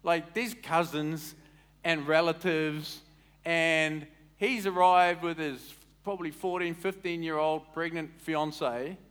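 A man preaching a sermon as a pastor, in an animated, conversational way that quizzes the congregation. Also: on the high side, takes it slowly, smooth.

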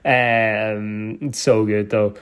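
A man's voice: on the low side, level tone, drawn-out words, clear, resonant tone. A young man from Donegal with a Donegal Irish accent, telling rambling stories in casual chat and laughing often. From Donegal, Ireland. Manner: rambling storyteller, laughs often, many restarts.

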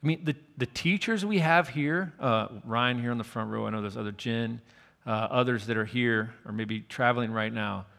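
A male pastor tells a personal story from the pulpit in a mid-pitched, everyday voice. He preaches earnestly, sometimes falling to a hushed near whisper when he quotes someone. His words ring out with a long reverb, as in a large church hall. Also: normal speed, creaky. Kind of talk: sermon.

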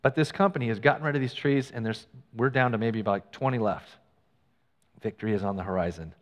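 Male pastor, middle-aged, storytelling sermon, animated delivery, long reverb in the hall. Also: mid-range voice, fast. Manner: animated storyteller, acts out quoted lines.

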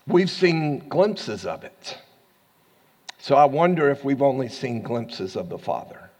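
A man with an American accent preaching a sermon as pastor, swinging from hushed asides to loud, rising lines and laughing often. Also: mid-range voice, animated, unhurried, in a large hall.

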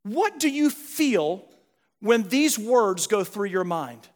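Male pastor, high-pitched, earnest sermon delivery that drops to soft reflection, reverberant hall. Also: slow pace. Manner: earnest, moves from animated emphasis to quiet, soft reflection.

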